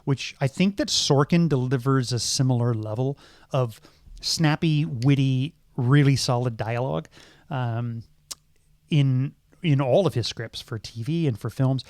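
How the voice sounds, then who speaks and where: A man's voice: medium pitch, measured pace, darkish tone, no room sound, clean studio sound. A middle-aged man and podcast co-host, talking through films thoughtfully, with many ums and restarts. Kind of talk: casual film discussion.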